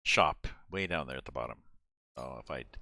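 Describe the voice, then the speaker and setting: A man's voice: extremely low pitch, moderate pace, creaky, bright, forceful tone, no echo. A man streaming a farming game, chatting casually and thinking aloud as he goes. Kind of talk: casual gameplay chat.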